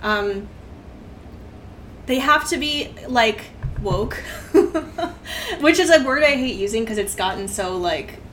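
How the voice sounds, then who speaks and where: A woman's voice: a little high, expressive, slow, pauses often, fairly bright tone, a little hiss or hum. A woman being interviewed on a podcast, speaking frankly and casually with frequent laughs. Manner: frank, laughs often, fillers like "like". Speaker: podcast guest.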